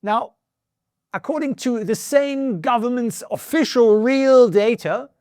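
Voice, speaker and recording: A man with a high, light voice hosts a finance explainer. He speaks to the viewer directly and persuasively, keeping it brisk with quick asides. The sound is dry and close. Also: darkish tone, clean tone, dry recording. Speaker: finance educator and channel host.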